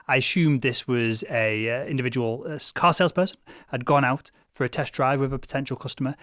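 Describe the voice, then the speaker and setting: A man's voice: medium pitch, brisk, a bit bright, no room sound, clean studio sound. A young man hosting a podcast, chatting casually with lots of restarts and fillers. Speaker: podcast host. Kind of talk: casual chat.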